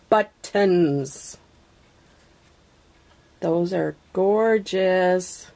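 A woman chats to her camera in a room at home, gushing with delight in a slow, unhurried way. Her voice is mellow and warm, full of exclamations and soft breathy gasps. It is picked up by the camera's own mic. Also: medium pitch. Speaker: craft vlogger. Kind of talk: casual unboxing chat to camera.

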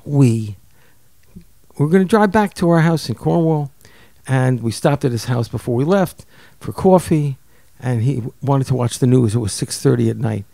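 An older man from New York telling a personal story in an interview, lively and acting out the people he quotes. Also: medium pitch, normal speed, vocal fry, dry recording. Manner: animated, acts out quoted voices, repeats words. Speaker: guest storyteller.

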